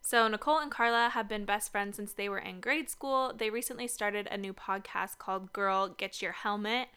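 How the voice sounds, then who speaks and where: A woman's voice: mid-range voice, moderate pace, bright, forceful tone, clear, resonant tone. A young woman co-hosting a casual podcast from a basement home studio, upbeat and chatty. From Seattle area. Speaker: podcast co-host. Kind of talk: casual chat.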